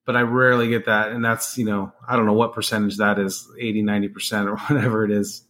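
A man's voice: fairly low pitch, flat delivery, quick pace, fairly bright tone, slight background noise. A man in his forties, a guest in a casual interview, answering in a plain, matter-of-fact way. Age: 40s.

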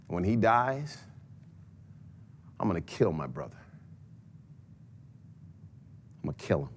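Esau, as a preacher puts him on, a wronged brother. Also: male voice, fairly low pitch, slight background noise, pitched below the performer's own voice. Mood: vengeful. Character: wronged grieving older brother, bitter and vengeful.

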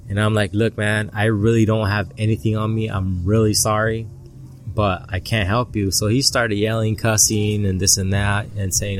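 Low-voiced man telling a halting story. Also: little pitch movement, slight background noise. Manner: halting, repeats words as he recounts. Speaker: interview guest. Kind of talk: casual storytelling. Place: outdoors at a family barbecue.

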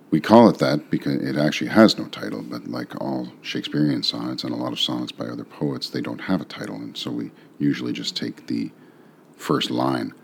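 A man reading a sonnet aloud, then talking through its meaning in a relaxed, musing way with rhetorical questions. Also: extremely low pitch, creaky, slight background noise. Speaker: poetry reader and explainer. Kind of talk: poetry reading and casual commentary.

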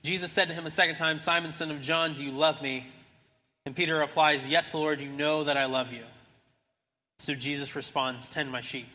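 A man's voice: on the high side, fairly even intonation, normal speed, pushed and bright, in a large hall. A young man preaching a sermon in a casual storytelling way, acting out the characters as he retells a scripture story. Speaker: pastor.

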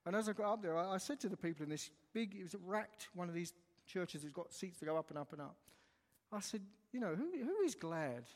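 A man preaching a sermon, telling a story animatedly and retelling the dialogue line by line. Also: sits high. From England. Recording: long hall reverb.

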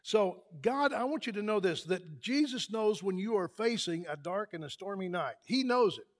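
A man preaching a sermon in a church, building to loud emphatic peaks. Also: high-pitched, animated, moderate pace. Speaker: pastor. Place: church sanctuary.

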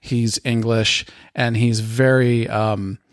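A man's voice: medium pitch, level tone, slow pace. A man co-hosting a casual podcast chat, enthusiastic and prone to repeating words as he talks. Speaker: podcast co-host.

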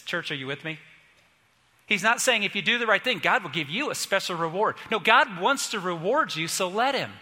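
A man's voice: sits high, animated, normal speed, bright, forceful tone, big-room sound. A man from Indiana preaching a sermon as pastor, earnest and emphatic, repeating key phrases. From Indiana, USA. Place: church sanctuary.

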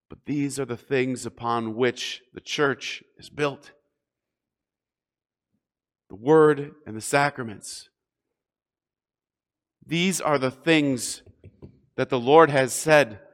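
A man's voice: medium pitch, takes it slowly, pauses often, fairly bright tone. A man preaching a sermon as a pastor, emphatic and rising and falling in force.

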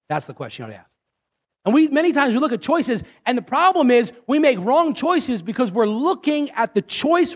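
High-voiced, emphatic man preaching. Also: dull audio. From Pennsylvania. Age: 30s. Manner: emphatic, rising to high excited bursts, talks directly to the congregation. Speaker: pastor. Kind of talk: sermon.

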